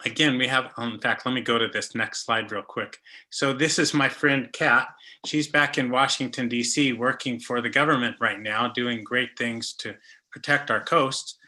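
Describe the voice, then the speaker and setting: A chatty man explaining falconry at a festival talk, jokey and full of little anecdotes. His voice is bright and forward. His pitch sits in the middle range. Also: steady tone, normal speed. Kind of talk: casual presentation with slides.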